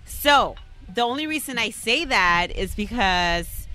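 A woman's voice: fairly high pitch, a little slow, faint music behind. A woman, a mother, jumping into a casual chat to talk about discipline. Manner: lively, jumps in, laughs often. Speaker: podcast co-host, mother.

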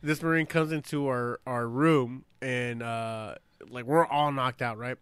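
A former Marine telling profane barracks stories in casual chat, laughing often. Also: male voice, mid-range voice, fairly even intonation, unhurried, a bit bright, smooth, dry recording.

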